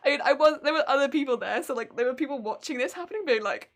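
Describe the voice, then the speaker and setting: A young woman chatting casually on a crafting live stream, telling stories in an animated way and answering chat. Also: high voice, fast talker. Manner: chatty, animated storytelling, reads chat aloud.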